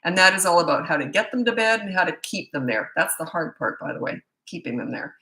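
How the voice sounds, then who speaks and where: A middle-aged woman coach fields parenting questions live, her low voice fraying as it gives out. She speaks with a bright, forceful edge. The sound bounces around a roomy space. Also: very animated, fast. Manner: blunt, casual, loses track mid-thought. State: losing her voice. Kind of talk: live Q&A, answering viewer questions.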